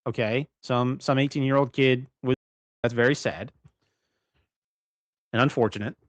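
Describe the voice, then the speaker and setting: A man's voice: mid-range voice, fairly even intonation, normal speed, no room sound. A man co-hosting a casual livestream from his bedroom, rambling with many restarts and frequent laughs. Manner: rambling, self-correcting, laughs often. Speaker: livestream co-host.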